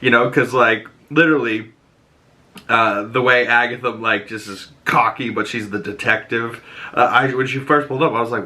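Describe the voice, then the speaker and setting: A man's voice: medium pitch, steady tone, normal speed, bright, forceful tone. A man hosting a show, recapping and reacting to a TV episode in a chatty, rambling way with frequent asides. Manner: chatty, rambling, frequent "you know what I mean". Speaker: show host reviewing a TV episode.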